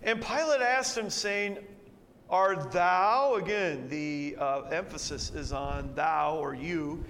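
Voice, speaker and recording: A high-pitched man teaching through a Bible passage in an animated way, jumping into the characters' voices as he goes. His voice rings with a long reverb, and faint noise sits under it. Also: slow. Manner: animated, acts out quoted characters with shifts in pitch. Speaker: preacher.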